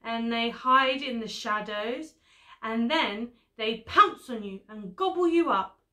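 A woman's voice: fairly high pitch, slow pace, sharp tone. A woman voicing a small, glum lost boy in a storybook who sniffs and talks solemnly. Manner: sniffly and solemn, spooking the others.

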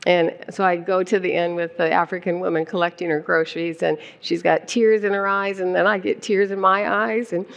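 An older woman telling a personal story on stage with animated delivery and frequent laughter. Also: fairly low pitch, fairly quick, vocal fry, few pauses. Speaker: guest speaker, founder's wife. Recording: long hall reverb.

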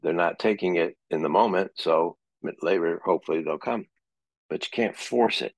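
A man's voice: sits low, moderate pace, vocal fry, no room sound. A middle-aged man teaching a psychology class in a conversational way, sometimes acting out example dialogue. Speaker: psychology lecturer. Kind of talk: classroom lecture.

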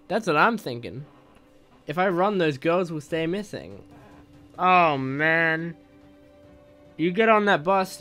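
A gaming host, a man with a somewhat high voice, reacts while he plays. He reads on-screen texts aloud at a slow, drawn-out pace and bursts into shouts at the screen, with faint game music underneath.

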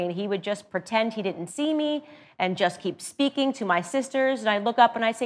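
A woman's voice: medium pitch, fairly quick. A woman hosting her show, telling a personal story in an earnest, emphatic way and drawing a lesson from it. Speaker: show host.

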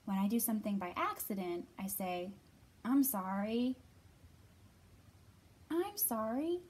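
A woman librarian leading a children's storytime, reading aloud in an expressive, bright manner and acting out the quoted lines. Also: mid-range voice, takes it slowly, breathy edge.

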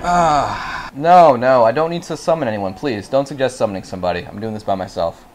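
Soft music plays behind a man commentating on a game at a fairly quick clip. The gaming commentator swears constantly, muttering low to himself to settle down before breaking into screamed anger.

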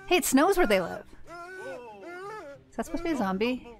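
A woman's voice: high-pitched, very animated, a little fast. A woman co-commenting on a game in casual chat, making wry, skeptical remarks. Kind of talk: casual let's-play chat.

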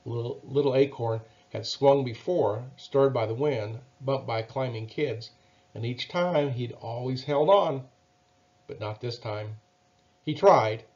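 A man reading a children's Bible story aloud in a gentle, measured way. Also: mid-range voice, lo-fi sound.

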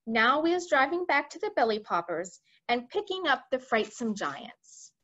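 A woman's voice: sits high, big pitch swings, normal speed, a bit bright, lo-fi sound, voice pushed up, full character voice. A woman voicing a big, friendly old male giant who speaks in mangled, folksy grammar in a storybook reading. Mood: earnest.

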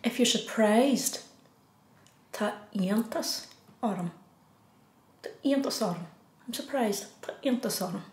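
A woman with an Irish accent teaching a beginner language lesson, saying each phrase slowly, repeating it, then giving the English. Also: on the high side, animated. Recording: echoey room.

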